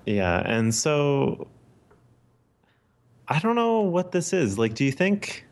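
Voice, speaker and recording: A man's voice: on the high side, sing-song, slow. A man co-hosting a podcast, recapping a TV episode in easygoing casual chat, hesitant with many ums. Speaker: podcast co-host.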